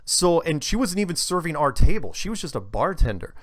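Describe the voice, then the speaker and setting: A man telling an animated, rambling story in casual conversation, with many restarts. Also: a little high, fairly quick, no echo, studio quality. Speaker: guest speaker.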